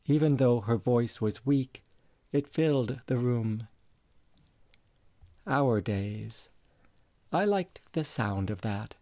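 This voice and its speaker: Slow, gravelly male story narrator. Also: medium pitch, expressive, no room sound. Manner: quiet, measured, reflective. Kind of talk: reading a literary story aloud.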